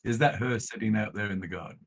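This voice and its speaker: A man playing a tabletop game, describing his character's actions in a relaxed way. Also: on the low side, quick pace. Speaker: player.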